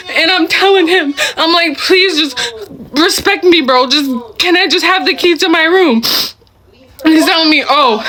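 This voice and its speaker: High, bright-voiced young woman venting. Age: early 20s. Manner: agitated, tearful venting, says "bro" often. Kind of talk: emotional rant to camera.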